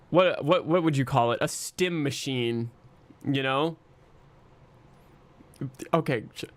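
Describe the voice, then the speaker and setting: A man's voice: a little high, a bit bright, no echo. A man streaming and chatting casually with his viewers, rambling and self-mocking, swearing often.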